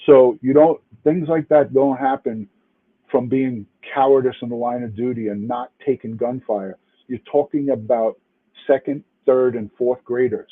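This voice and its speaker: Cursing and restarting, an angry retired police detective from New York City delivers emphatic livestream commentary to a live chat. He speaks at a moderate pace in a medium-pitched, breathy-edged voice, and the line sounds tinny, like a phone.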